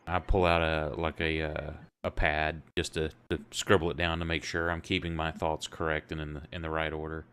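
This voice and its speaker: Man, player, very low voice, flat monotone, thinking aloud. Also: a little fast, few pauses, smooth. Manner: thinking aloud, working through a puzzle. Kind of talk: casual tabletop play.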